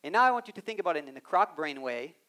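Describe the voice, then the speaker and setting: A man giving an animated live talk on a conference stage, speaking straight to the audience and acting out quoted voices. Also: a little high, racing. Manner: animated, addresses the audience directly.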